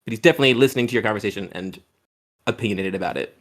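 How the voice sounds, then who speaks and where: A man's voice: lowish voice, rapid-fire, fairly bright tone. A man narrating as game master of a tabletop game, in a casual, rambling way with lots of fillers.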